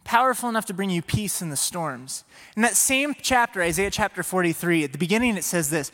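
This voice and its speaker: A pastor giving an energetic, playful sermon to a congregation in a church. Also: male voice, high-pitched, fairly quick. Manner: energetic, playful, speaks to the audience. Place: church sanctuary before a congregation. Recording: long reverb of a large hall.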